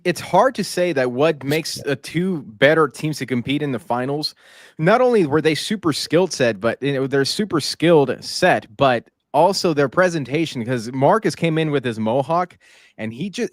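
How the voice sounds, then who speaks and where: A man's voice: on the high side, expressive, normal speed, dry recording, studio quality. A man hosting a podcast and organizing competitions, chatting casually, laughing easily and restarting while he recalls details. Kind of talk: casual chat.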